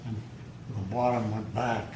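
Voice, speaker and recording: Older grandpa, worn voice, dry jokes, echoey room. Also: male voice, lowish voice, flat delivery, normal speed, a little mellow. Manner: dry, wry humor. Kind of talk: casual family chat. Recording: echoey room with faint noise.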